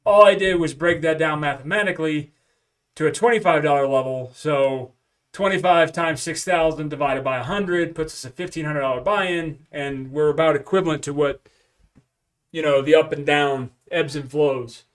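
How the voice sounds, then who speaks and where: A man talks casually to his stream from home while throwing dice, calling out each roll and bet as he goes. His voice sits a touch high. He is slightly away from the mic, so the sound is a bit distant. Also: normal speed. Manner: chatty, calls out dice rolls and bets. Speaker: streamer practicing craps. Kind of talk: casual live-stream chat.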